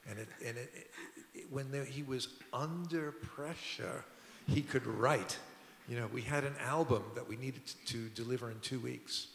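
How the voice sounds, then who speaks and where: Speaking as a guest at a public talk in a museum auditorium, an older record producer and musician tells meandering stories in a conversational way, constantly restarting sentences. His mid-range, gravelly voice carries some brightness; he keeps a normal speed with hardly any pauses. The big echoey hall rings with a long tail, and there's a little hiss or hum.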